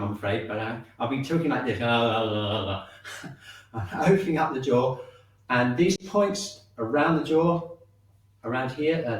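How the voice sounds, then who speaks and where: A man teaching a shiatsu and qigong class, giving calm, encouraging step-by-step instructions. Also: mid-range voice, recorded from a distance. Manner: calm, encouraging instructions, often checking in with "okay". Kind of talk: guiding an online movement class. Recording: very echoey room, voice off-mic.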